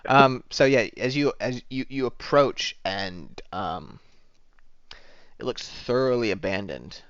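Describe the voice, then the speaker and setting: A man's voice: mid-range voice, expressive, takes it slowly, a bit bright, no echo, highs cut off. A man narrating as dungeon master in a casual, rambling way with many fillers. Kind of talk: narrating a tabletop game.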